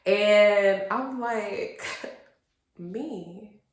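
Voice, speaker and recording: A woman in her late twenties from a Haitian family, telling a personal story in an animated, expressive storytime vlog. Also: medium pitch, unhurried. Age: late 20s. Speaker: vlogger. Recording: roomy echo.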